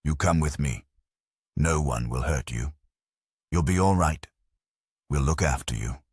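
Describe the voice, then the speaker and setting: A gruff, steady police inspector barks short, clipped sentences, played by a male narrator. The voice is deep and husky, and the recording sounds dry. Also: normal speed, no echo, full character voice. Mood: gentle. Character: gruff calm police inspector, middle-aged.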